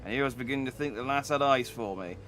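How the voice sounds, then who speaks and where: A man voicing a gruff, burly male blacksmith sailor who talks in a rough, drawling brogue-like way. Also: mid-range voice, very fast, a bit bright, faint music behind, lightly acted.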